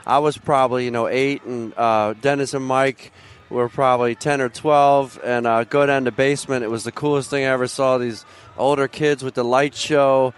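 A man's voice: mid-range voice, steady tone, moderate pace, smooth. A man in his forties from Philadelphia, a musician guest telling rambling stories in casual chat, full of fillers. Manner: rambling storyteller with fillers and laughs.

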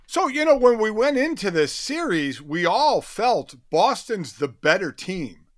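A man's voice: sits high, sing-song, measured pace, no echo, clean studio sound. A middle-aged man co-hosting a sports talk show, easygoing and self-mocking. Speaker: co-host.

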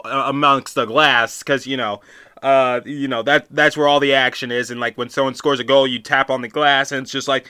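A man's voice: medium pitch, bright, forceful tone, clear, resonant tone. A man hosting a podcast, telling a story in a casual, rambling way with many restarts and asides. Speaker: podcast host.

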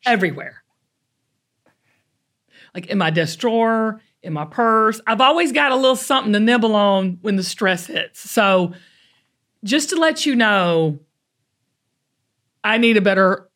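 A woman from the American South with a Southern accent, hosting a podcast in an animated, folksy, chatty way. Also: mid-range voice, unhurried, long pauses. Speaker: podcast host. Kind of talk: casual chat.

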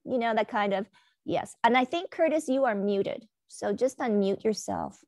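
A woman's voice: a little high, animated, moderate pace, darkish tone, no room sound, studio quality. A woman hosting a casual video call chat, chatty and upbeat, laughing easily as she greets her guests. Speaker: host.

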